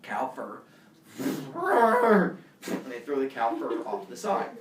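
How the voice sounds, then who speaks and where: A man's voice: mid-range voice, sing-song, slow pace, a little hiss or hum. A man teaching a class, telling a myth playfully and quizzing his pupils as he goes. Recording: echoey classroom from far off.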